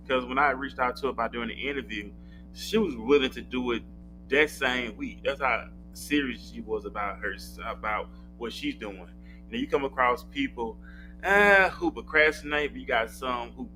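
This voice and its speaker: A man hosting a talk show who speaks in a relaxed, conversational way. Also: mid-range voice, moderate pace, over music, low-quality recording. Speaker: podcast host. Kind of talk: casual chat.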